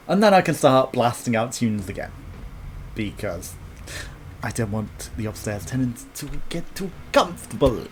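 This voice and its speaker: A man's voice: mid-range voice, slight background noise. A young man giving casual, teasing commentary while streaming a game, swearing and laughing often.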